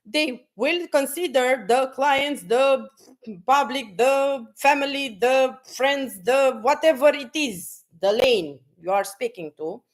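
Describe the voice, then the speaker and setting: A woman with a high voice delivers a blunt, preachy motivational talk on a live stream. She speaks slowly, often restarting her sentences and swearing casually as she pushes her point.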